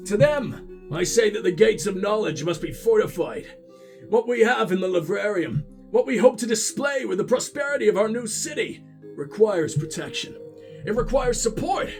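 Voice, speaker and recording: A man's voice: high-pitched, darkish tone. A man reading out a pompous city founder's record in a mock-formal tone, his put-on Irish accent slipping away.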